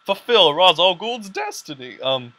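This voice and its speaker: A young man hosting a casual podcast, rambling excitedly with lots of fillers and quoted lines. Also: high voice, unhurried. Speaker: podcast host. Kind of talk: casual chat.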